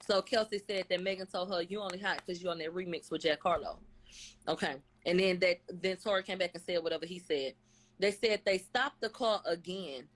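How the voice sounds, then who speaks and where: A woman's voice: fairly low pitch, a little fast. A woman giving a casual, profane live recap, rattling off what people said and acting out their quotes. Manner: blunt, profane, slangy, quotes testimony in acted voices. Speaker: vlogger recapping a court case.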